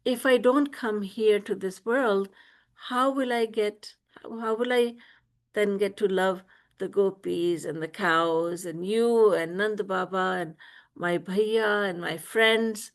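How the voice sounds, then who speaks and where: A woman's voice: medium pitch, takes it slowly. A woman voicing a small whiny boy god. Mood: tearful. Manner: childlike, whiny and pleading. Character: small mischievous boy god, playful and tearful.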